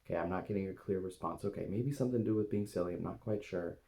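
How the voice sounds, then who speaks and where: A man demonstrating a guided meditation to camera, talking gently and hesitantly with many pauses as he speaks to an inner part with his eyes closed. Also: low-pitched, creaky. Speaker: eating coach and video host.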